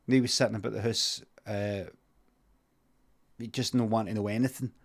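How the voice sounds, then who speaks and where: A man with a Scottish accent telling an improvised comic story on a livestream, rambling and deadpan with many asides. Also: fairly low pitch, a little fast. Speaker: comedian and streamer.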